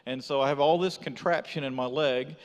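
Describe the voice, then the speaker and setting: A man's voice: medium pitch, a little fast. A man from Texas giving his missionary testimony in church, telling the story with energy and acting out what people said. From Texas, USA. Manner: animated storyteller acting out dialogue. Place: church sanctuary. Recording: reverberant church hall.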